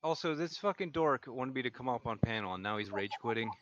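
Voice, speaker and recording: Man, bright tone, dull lo-fi mic, trolling, crude. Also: mid-range voice, animated, fast, dry recording. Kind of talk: casual group chat.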